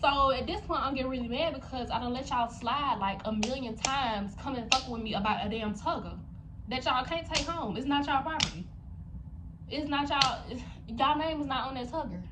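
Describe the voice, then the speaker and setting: Addressing her viewers directly, a young woman vlogger recounts a story in a heated, profane storytime. She has a high voice, and background noise is audible.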